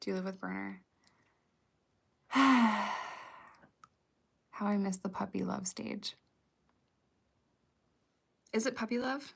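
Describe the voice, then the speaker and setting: This woman in her thirties talks with a gravelly, creaky edge at an ordinary middle pitch. She chats casually on a livestream, reading comments and answering them with candid, rambling, swear-heavy talk. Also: slow, long pauses.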